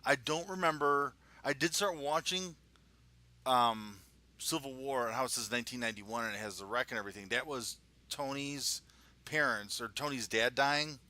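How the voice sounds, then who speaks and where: Male podcast co-host, very bright tone, easygoing banter with loose swearing. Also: mid-range voice, normal speed. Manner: laid-back, joking, swears casually. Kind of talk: casual chat.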